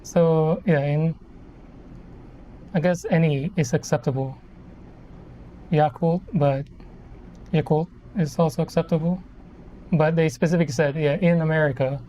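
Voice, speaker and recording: A person in their thirties from the Philippines chats casually on a live stream while building a model kit, rambling and correcting themselves. Their voice is medium-pitched and warm, with a little hiss or hum.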